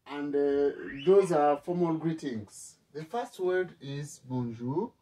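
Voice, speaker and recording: A man teaching a spoken language lesson, repeating words slowly for learners to echo back. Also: a little high, lively intonation, dark tone, distant mic. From East Africa.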